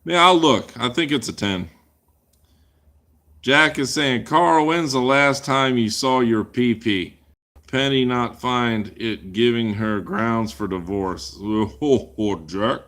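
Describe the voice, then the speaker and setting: Rambling and making crude jokes, a livestream host answers viewer questions in a casual chat Q&A. He speaks slowly in a mid-range voice with a fairly bright tone.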